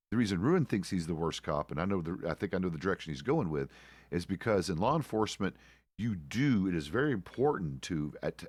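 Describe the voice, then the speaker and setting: A low-pitched middle-aged man talks to his stream chat and fellow players in a loose, rambling way. He restarts and corrects himself often and drops the odd curse. The sound is dry, with no room in it. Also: no echo. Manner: rambling, self-correcting, casual swearing. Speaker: streamer playing a deputy. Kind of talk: casual roleplay stream chat.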